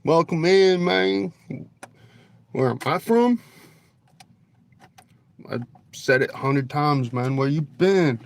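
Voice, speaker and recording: A relaxed man talks to his livestream chat from his phone, pitched a touch high. He takes his time, drawling along and cracking jokes with a loose, profane ease. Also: slow pace, vocal fry, pauses often. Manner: laid-back, joking, swears freely, talks to chat. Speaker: livestream host. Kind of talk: casual livestream chat with viewers. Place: outdoors at night near a store parking lot. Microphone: phone camera.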